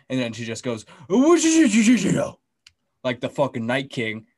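A man co-hosting a podcast, excitedly recapping a TV episode in casual chat, swearing often and acting out the scenes. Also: mid-range voice, slow pace, no room sound, studio quality. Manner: excitable, profane, acts out scenes. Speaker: podcast co-host.

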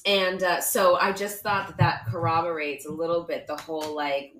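A woman telling a dating story on a podcast, animated and full of restarts as she acts out what people said. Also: fairly low pitch, moderate pace, slight background noise. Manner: animated, acts out quoted voices, many restarts. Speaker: podcast guest. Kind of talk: casual storytelling chat. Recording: echoey room.

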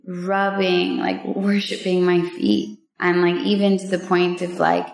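A woman on a vlog, telling a personal story in a casual, heartfelt way, with emotional pauses and many fillers. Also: lowish voice, little pitch movement, gravelly, echoey room, faint music behind. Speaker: vlogger sharing a personal story.

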